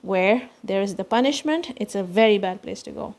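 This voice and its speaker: A woman teaching children Quran recitation, explaining each letter slowly and patiently, step by step. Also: mid-range voice, animated, a little mellow. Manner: breaks into quicker chanted recitation lines. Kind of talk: slow, patient kids' lesson.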